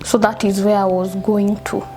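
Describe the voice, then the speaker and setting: A young woman with a Kenyan accent telling a personal story in halting speech, slipping into Swahili phrases and repeating herself. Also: medium pitch, little pitch movement, mellow, faint music behind. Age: young adult. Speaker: interviewee. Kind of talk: personal testimony.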